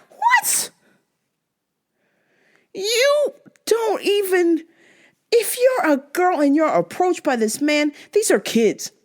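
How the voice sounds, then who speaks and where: A woman hosting a casual commentary podcast, blunt and profane, ranting about what she watched and laughing often. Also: a little high. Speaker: podcast host.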